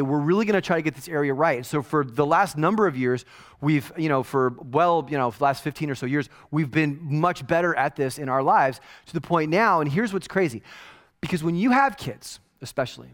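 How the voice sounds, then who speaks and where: A man in his forties gives a loose, conversational sermon, his voice pitched high and swinging widely up and down. He jokes and drops into quick mock-quoted asides as he talks to his congregation. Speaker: pastor. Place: church.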